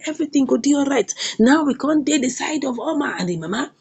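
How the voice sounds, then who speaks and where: A Nigerian woman reviewer recaps a comedy series in a casual, animated way. Her high voice leaps all over the place, with a gravelly fry at the ends of phrases. She repeats herself for emphasis and keeps checking in with "eh?". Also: fast, muffled recording.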